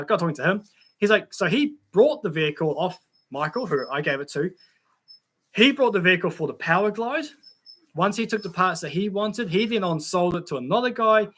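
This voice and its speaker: The Australian host's voice here is high and a bit bright, fast with lively intonation. Hosting a casual livestream, he reads chat comments out loud and rambles through car stories in a laid-back manner.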